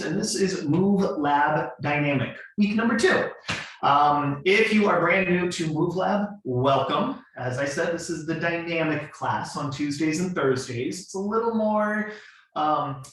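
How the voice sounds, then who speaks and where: Guy teaching a fitness class, kinda high voice, super echoey room, a bit far from the mic. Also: a bit bright. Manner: conversational, many fillers, coaching cues. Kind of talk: online movement class instruction.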